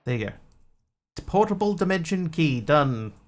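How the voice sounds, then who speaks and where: Here a man with a fairly high voice and big pitch swings talks at a normal speed while streaming a game. It's casual commentary, rambling, much of it said to himself as he plays.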